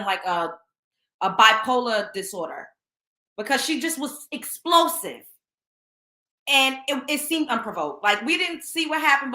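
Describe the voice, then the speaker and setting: A woman hosting a casual commentary show, animated and slangy, laughing often. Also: fairly high pitch, roomy sound. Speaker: show host.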